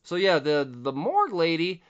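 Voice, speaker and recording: Chill young dude hosting a comics podcast, cussing and chuckling, smooth clear voice, kinda muffled home mic sound. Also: male voice, a little high, huge pitch swings, moderate pace. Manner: loose, profane, laughs at himself. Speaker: podcast host. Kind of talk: casual comic book recap. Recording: slightly dull lo-fi podcast audio.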